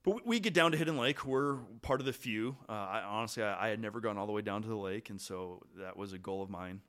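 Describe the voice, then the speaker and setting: A podcast host tells a story in a loose, conversational way. His voice sits a little low, and he trails off and restarts often as he goes. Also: clean tone. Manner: animated, trailing pauses and restarts. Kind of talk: casual storytelling chat.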